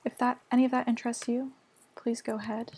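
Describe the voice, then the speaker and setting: Chatty young woman with a gravelly voice. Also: on the high side, little pitch movement, quick pace, a little mellow. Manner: chatty, self-mocking, lots of fillers like "like" and "literally". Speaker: gaming vlogger. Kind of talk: casual gameplay commentary. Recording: noisy home recording.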